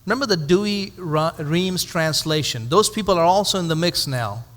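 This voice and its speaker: A man's voice: a little high, normal speed, a bit bright. Man teaching in a reverberant hall. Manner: conversational, rhetorical questions to the audience, dry humorous asides. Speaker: pastor. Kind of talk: Bible study teaching.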